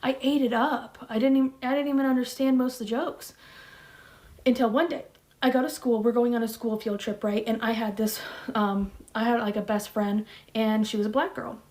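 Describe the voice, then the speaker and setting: A woman's voice: fairly high pitch, fairly even intonation, moderate pace, a little mellow. A woman in her thirties telling a personal story to camera in a chatty, blunt, slangy way. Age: 30s. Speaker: vlogger.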